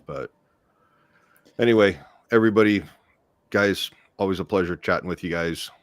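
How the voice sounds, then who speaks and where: A man with a low voice co-hosting an online show, talking in a loose, friendly way. He stumbles and repeats words as he thinks aloud. The sound is dry and close. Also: normal speed, no room sound. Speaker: show co-host. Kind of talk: casual chat.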